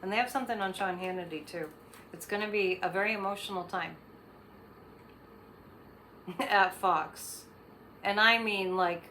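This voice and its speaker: A woman's voice: medium pitch, fairly even intonation, takes it slowly, pauses often, bright, forceful tone, slight background noise. A woman hosting her own show, giving psychic readings in a rambling, casual monologue full of fillers and restarts. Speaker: psychic host.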